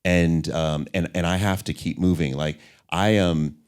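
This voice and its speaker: A middle-aged man talking candidly as an interview guest, an animated storyteller. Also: low-pitched, unhurried, clean tone. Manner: animated storyteller, acts out voices in anecdotes.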